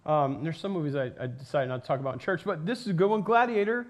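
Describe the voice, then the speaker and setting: A man preaching a sermon in a casual, animated storytelling way, with lots of fillers and asides. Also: a little high, fast talker. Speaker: pastor. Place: church.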